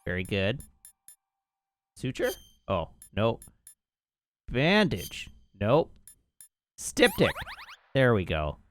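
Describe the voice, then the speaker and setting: A man's voice: medium pitch, huge pitch swings, very slow, pauses often, a bit bright, faint music behind. A man hosting a let's play, giving casual gameplay commentary in wry, muttering self-talk.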